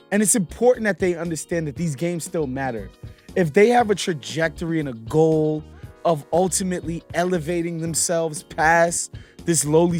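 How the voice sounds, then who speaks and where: A man from New York hosting a casual basketball commentary show, animated and opinionated, often laughing. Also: on the high side. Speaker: host.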